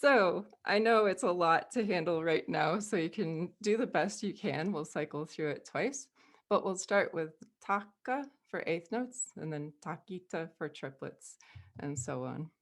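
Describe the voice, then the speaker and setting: American woman with a low voice teaching. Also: lively intonation, unhurried. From United States. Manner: friendly, laughs often, counts rhythms aloud. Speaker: music teacher presenting a workshop. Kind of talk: online workshop teaching.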